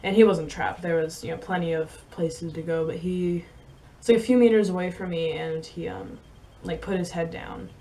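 A young woman vlogging, telling a story in a rambling, halting way with many fillers and soft laughs. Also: fairly low pitch, steady tone. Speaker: vlogger and horse rider. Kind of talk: casual storytelling to camera.

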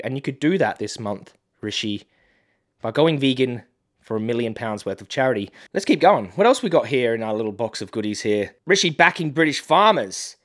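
A man reacting to political clips with sarcastic, mocking and indignant commentary. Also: medium pitch. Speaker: activist commentator.

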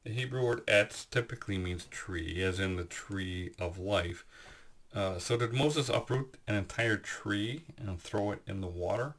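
A man giving a Bible teaching, explaining scripture in a measured way with frequent pauses and fillers. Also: fairly low pitch.

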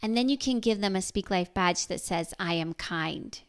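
A middle-aged woman hosting a parenting podcast, speaking in a gentle, encouraging way and asking her listeners questions. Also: medium pitch, fairly quick, smooth. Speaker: podcast host.

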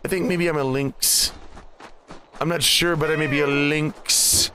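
A man's voice: a little high, fairly even intonation, unhurried, bright, forceful tone, slight background noise. A man hosting a let's play, chatting playfully and with swearing as he talks in first person as his cat character and throws in mock meows over game music. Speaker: gaming channel host.

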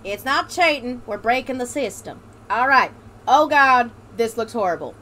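A woman's voice: on the high side, expressive, normal speed, sharp tone, slight background noise. A woman hosting a let's play, joking around and reading game text aloud in a put-on drawl. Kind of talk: casual gameplay commentary.

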